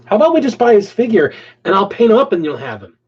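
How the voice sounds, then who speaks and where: A man's voice: high-pitched, sing-song, fast, husky. A man chatting casually as co-host on a livestream, teasing and playful. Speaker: co-host, husband. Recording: dull lo-fi stream audio.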